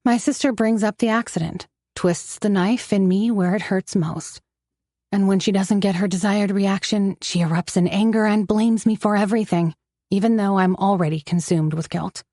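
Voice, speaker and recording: A woman narrating a first-person romance story with steady, wry storytelling. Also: mid-range voice, moderate pace, no room sound, clean studio sound.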